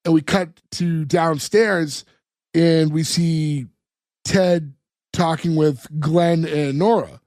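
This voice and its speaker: A man's voice: a little high, fairly even intonation, slow pace, darkish tone, no echo. Man retelling sitcom scenes, dry close mic. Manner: retells scenes, acting out the characters' lines. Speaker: podcast co-host. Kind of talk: casual chat recapping a sitcom episode.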